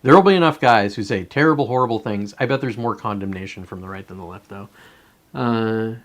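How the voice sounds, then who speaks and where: A man's voice: on the low side, a little fast. A man hosting a casual live stream, rambling and swearing as he reads chat comments aloud and reacts to them.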